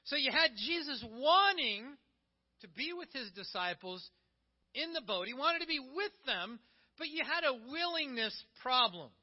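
High-voiced pastor, animated sermon. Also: male voice, measured pace, highs cut off. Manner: animated, conversational. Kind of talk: sermon with Bible reading.

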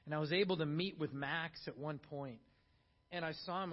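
A man preaching a sermon, telling a story in a hushed low voice, then rising loud for emphasis. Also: moderate pace. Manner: storytelling, drops soft and low for quotes, rises loud for emphasis. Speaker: pastor. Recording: dull lo-fi sermon recording.

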